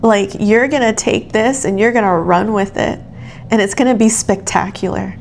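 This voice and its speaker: A woman giving a soothing channeled tarot reading, speaking gently and affirmingly straight to the listener. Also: medium pitch, steady tone, moderate pace, slight background noise. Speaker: tarot reader.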